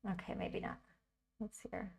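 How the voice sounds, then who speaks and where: A woman's voice: mid-range voice, level tone, normal speed, vocal fry. Chatty woman thinking aloud in tutorial. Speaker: tutorial host. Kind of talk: casual livestream tutorial.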